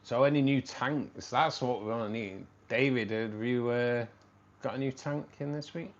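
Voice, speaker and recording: A man's voice: medium pitch, normal speed. Chatty Mancunian man, dull lo-fi stream. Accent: Manchester. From Manchester, England. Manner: rambling, repeats phrases, says "mate" a lot. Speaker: live stream host. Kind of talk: casual live-stream chat with viewers.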